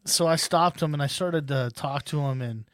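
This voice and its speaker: A man guest telling a personal story casually, with many fillers and animated quotes. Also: fairly high pitch, moderate pace.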